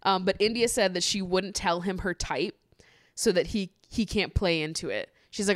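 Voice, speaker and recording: A woman's voice: lowish voice, moderate pace, no echo, clean studio sound. A young woman hosting a podcast in casual chat, swearing freely and laughing often. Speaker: podcast host.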